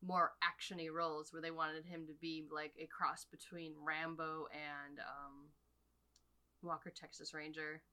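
Young woman podcast cohost, low-ish but super bright voice, rambly casual chat with lots of ums. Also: little pitch movement, measured pace. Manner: rambling, laughs often, many fillers. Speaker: podcast co-host. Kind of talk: casual movie review chat.

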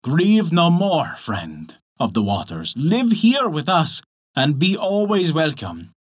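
A man's voice: a little high, wildly swooping pitch, slow, slightly rough, voice pushed up, exaggerated voice. A man voicing a crafty old Sami witch woman in a storybook reading, coaxing and drawn out. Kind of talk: storybook narration.

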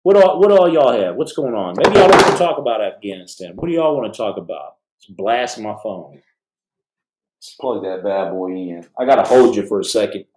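A man's voice: fairly low pitch, lively intonation, normal speed, darkish tone. A middle-aged man hosting a live podcast, talking fervently to viewers in a rambling way with many restarts. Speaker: podcast host. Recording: roomy echo.

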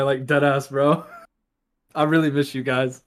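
A man's voice: medium pitch, little pitch movement, measured pace, fairly bright tone. A young man in his twenties, a soldier chatting casually on a podcast, emotional and laughing, heavy on swearing. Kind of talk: casual chat.

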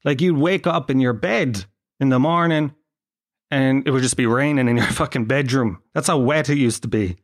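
A man's voice: medium pitch, normal speed. A man from Tralee with a Kerry Irish accent, rambling through a sarcastic, profane comic monologue. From Tralee, Ireland. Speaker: comedic monologue host.

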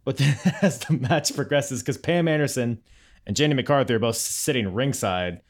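A man's voice: medium pitch, normal speed. Chatty laughing podcast host man. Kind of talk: casual podcast chat.

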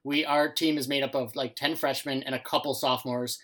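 A young man, a podcast co-host who coaches baseball, talking in casual chat and telling lively stories. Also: medium pitch, a little fast. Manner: animated storytelling, quotes others in lively bursts.

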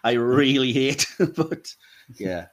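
A man co-hosting a casual podcast, a little hoarse, candid and wry, often laughing. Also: medium pitch, expressive, slow. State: slightly hoarse. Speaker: podcast co-host.

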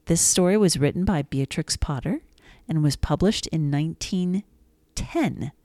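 A woman reading a children's story aloud, gentle and expressive. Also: sits low, a little slow, no echo.

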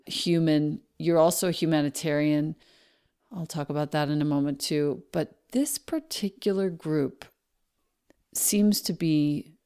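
A woman hosting a podcast, speaking in a soft, measured way with breathy asides. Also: low voice. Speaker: podcast host. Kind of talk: warm podcast read and interview intro.

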